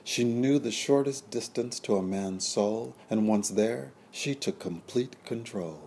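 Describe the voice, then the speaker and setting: A man narrating a period story in a measured, descriptive storytelling manner. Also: medium pitch, darkish tone, slight background noise. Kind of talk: scripted audiobook narration.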